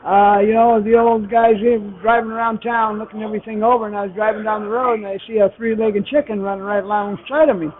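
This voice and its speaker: A man's voice: high-pitched, level tone, fast talker, few pauses. An older man telling a long folksy joke in a rambling storytelling manner, as a comedy show host. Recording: tinny phone-like radio sound.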